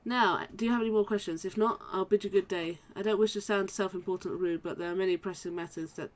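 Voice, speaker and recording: A woman's voice: medium pitch, fairly even intonation, fast, lightly acted. A woman reading the lines of a kind, earnest male orc charity worker in a video game, in a formal, earnest manner. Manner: formal, earnest read-aloud dialogue.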